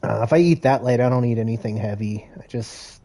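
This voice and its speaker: A man's voice: medium pitch, brisk, warm tone. A man chatting casually while playing a video game, joking, rambling and laughing a lot. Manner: easygoing, rambling. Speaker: gamer. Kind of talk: casual gameplay chat.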